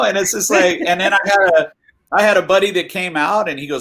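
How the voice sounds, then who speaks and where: A man, a musician guest, chatting casually on a video call and telling road stories with lively quoted voices. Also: on the high side, fairly quick. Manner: animated storyteller, acts out quoted voices. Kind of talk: casual interview chat.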